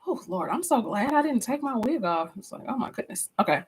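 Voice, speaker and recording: A woman's voice: a little high, very animated, brisk, slight background noise, poor audio. A woman instructor leading a live online class discussion in a chatty, conversational way, often restarting her sentences and speaking directly to her viewers. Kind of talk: casual live-stream class talk.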